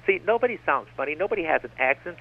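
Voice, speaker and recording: A man's voice: a little high, expressive, racing, gravelly. Man, rambling radio guest, keeps circling back, tinny phone-line broadcast. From United States. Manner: rambling, digressive, repeats "like I said".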